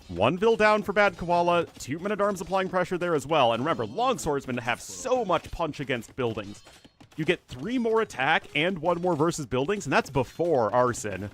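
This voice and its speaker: Lively American man casting a game. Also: on the high side. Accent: General American. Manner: chatty, answers chat between plays. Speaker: esports caster. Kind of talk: live game commentary.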